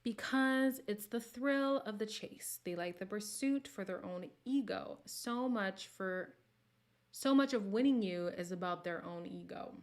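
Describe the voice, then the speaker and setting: A woman hosting a casual livestream, reading viewer comments and talking frankly, her voice jumping from loud outbursts to soft near-whispers. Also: medium pitch, a little slow. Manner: candid and sassy, swings between loud bursts and near-whispers. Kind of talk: casual chat.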